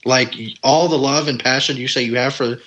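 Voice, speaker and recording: A man's voice: mid-range voice, steady tone, normal speed, a bit bright, rough recording. A man guesting on a podcast, talking casually and bluntly, with lots of fillers, restarts and the odd swear word. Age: adult parent. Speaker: podcast guest, paranormal investigator. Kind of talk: casual conversation.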